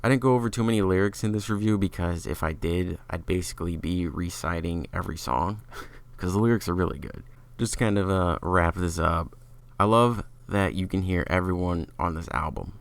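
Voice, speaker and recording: Gravelly deep-voiced man. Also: normal speed. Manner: opinionated, chatty, filler-heavy. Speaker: music reviewer. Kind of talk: casual album review.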